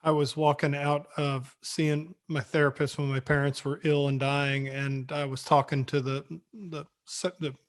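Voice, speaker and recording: A man's voice: fairly high pitch, little pitch movement, a little slow, few pauses. A man hosting an interview, supportive and conversational, trailing through restarts. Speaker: interviewer, editor-at-large.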